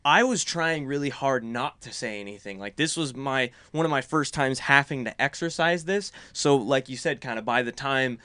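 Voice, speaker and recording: A young man telling a story in casual, profane chat, getting animated as he goes. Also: mid-range voice, moderate pace, few pauses, smooth, no echo.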